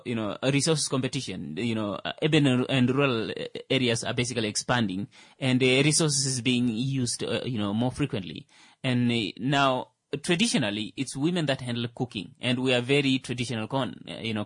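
Man, halting co-host with sarcastic streak, dry studio sound. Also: medium pitch, dry recording. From Namibia. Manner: hesitant, many fillers, dry sarcastic humor. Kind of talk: casual discussion.

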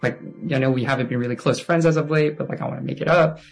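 A young man giving a halting, subdued personal testimony, full of fillers and often sinking to a near hush. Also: mid-range voice, fairly even intonation, vocal fry, rough recording. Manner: halting and hesitant, heavy with fillers.

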